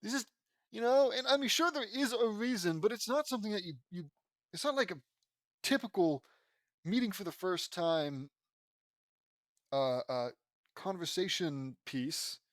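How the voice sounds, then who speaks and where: A man's voice: high-pitched, expressive, measured pace, pauses often, dry recording, studio quality. A man reading his own fan fiction aloud, casual and rambling, stumbling over names and breaking off to comment. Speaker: audiobook reader and author.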